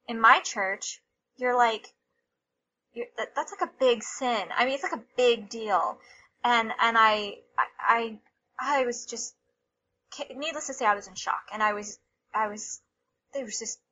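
A woman, a mother, telling a personal story in an interview, animated and repeating herself, often laughing. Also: a little high, lo-fi sound, a little hiss or hum.

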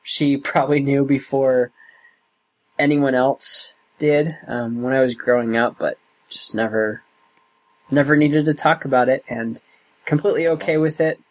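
A young man being interviewed, talking in a slow, thoughtful way with many pauses and restarts. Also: mid-range voice, fairly even intonation, low-quality recording. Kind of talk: oral history interview.

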